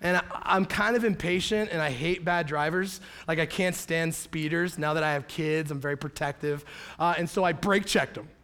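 A man in his thirties preaching a sermon in a church, telling stories in a lively, animated way and acting out quotes. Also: a little high, normal speed. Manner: animated storytelling, acts out quotes. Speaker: pastor. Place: church sanctuary. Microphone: handheld or headset mic.

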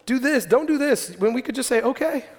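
A man in his thirties preaching a sermon to a congregation, telling stories in an animated, joking way. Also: very high-pitched, brisk. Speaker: pastor. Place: large hall before a congregation. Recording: long hall reverb.

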